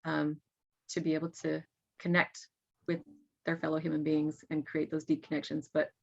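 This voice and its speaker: A woman's voice: deep voice, monotone, moderate pace, gravelly, a little mellow. A middle-aged mother talking earnestly as a podcast guest, often laughing. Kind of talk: casual interview talk. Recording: dull lo-fi sound.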